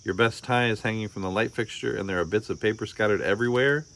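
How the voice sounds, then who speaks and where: A man's voice: on the low side, lively intonation, fairly quick, close to an everyday voice. A man voicing a cheerful, patient mother anteater in a storybook reading, with a coaxing, sing-song manner. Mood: playful. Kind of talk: storybook read-aloud.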